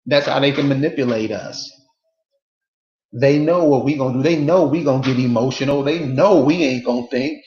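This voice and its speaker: A man's voice: mid-range voice, lively intonation, moderate pace, darkish tone. Man lecturing viewers in a roomy, dull recording. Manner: emphatic, repeats rhetorical questions. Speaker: online commentator. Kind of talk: casual monologue to viewers.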